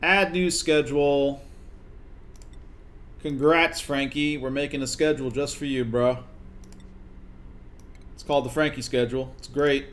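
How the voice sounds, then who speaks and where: A man's voice: medium pitch, steady tone, a little slow, long pauses. A young man streaming a colony game, talking to his characters in a coaxing, exasperated way. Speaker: gaming streamer. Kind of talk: live gameplay commentary.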